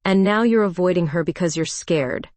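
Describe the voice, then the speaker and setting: A bossy, teasing best friend in her late thirties, as a woman narrator puts her on. She talks in a low-pitched voice, blunt and pushy, in a storybook dialogue. The sound is dry and close. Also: moderate pace, darkish tone, no echo, close to an everyday voice.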